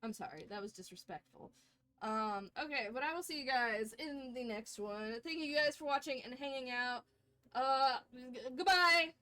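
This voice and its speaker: A woman's voice: on the high side, moderate pace, fairly bright tone. A woman streamer at home at her computer, reading game lore aloud and chatting, often stumbling over words and giggling.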